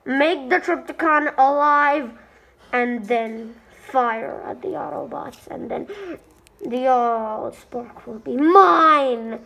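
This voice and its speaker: A woman voicing a boastful, angry male robot warlord in a homemade stop-motion toy movie, talking slowly and menacingly. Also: high-pitched, vocal fry, a bit bright, full character voice, rough recording. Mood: scolding.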